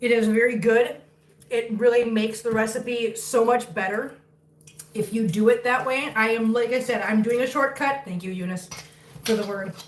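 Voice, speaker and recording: A woman's voice: a little high, steady tone, normal speed. A woman hosting a live cooking stream in her home kitchen, chatting casually, laughing often and cooing baby talk at her cats. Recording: echoey room, mic at a distance, faint noise.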